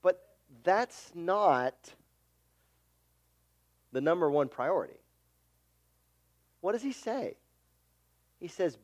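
A man's voice: high-pitched, big pitch swings, slow, pauses often. A middle-aged man preaching a sermon as a pastor, earnest and conversational, often repeating himself.

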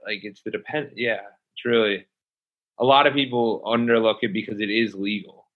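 A man's voice: medium pitch, normal speed, phone-quality sound. A man hosting a podcast interview, casually agreeing and adding his own thoughts. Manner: agreeable, chimes in with short replies.

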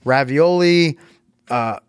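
A man's voice: mid-range voice, slow pace, clear, resonant tone, no room sound, studio quality. Rambling, profane man. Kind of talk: casual chat.

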